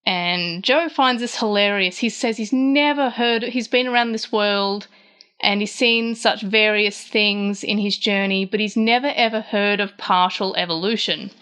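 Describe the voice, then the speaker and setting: On a laid-back recap podcast, an Australian woman walks through a manga chapter scene by scene, pitching her voice up for quotes. Her mid-range voice is unhurried, pushed and bright, with a clear, resonant quality. She's chatty and keeps restarting and using fillers.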